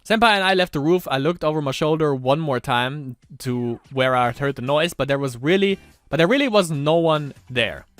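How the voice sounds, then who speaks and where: A man's voice: fairly high pitch, normal speed, a bit bright, dry recording, faint music behind. A man doing casual let's-play commentary, reading a visual novel aloud with rambling asides and frequent laughter.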